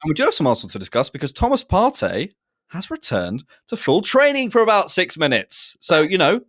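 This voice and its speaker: A man hosting a podcast, chatting in a teasing way with quick asides. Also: on the high side, wildly swooping pitch, a bit bright. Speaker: podcast host. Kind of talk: casual podcast chat.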